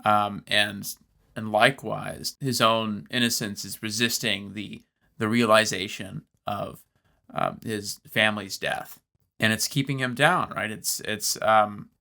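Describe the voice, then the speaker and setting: Low gravelly man musing on film. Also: steady tone, measured pace, pushed and bright. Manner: reflective, hesitant with many fillers. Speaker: podcast co-host. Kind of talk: casual film discussion.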